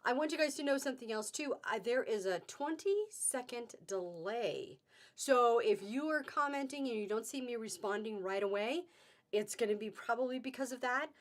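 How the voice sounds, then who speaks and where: A woman's voice: on the high side, moderate pace. A woman hosting a live-streamed fabric sale, chatting casually and upbeat, greeting viewers by name as she goes.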